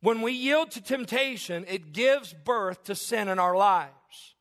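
A male pastor preaching a sermon, reading scripture slowly and low, then climbing loud and high to drive points home. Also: expressive, faint music behind. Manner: swings from low measured scripture reading to loud rising emphasis.

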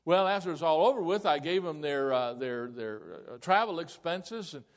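A man who is a pastor, telling a story in a sermon in a folksy, animated way and acting out the dialogue, heard in a church. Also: fairly high pitch, moderate pace. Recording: echoey hall with long reverb.

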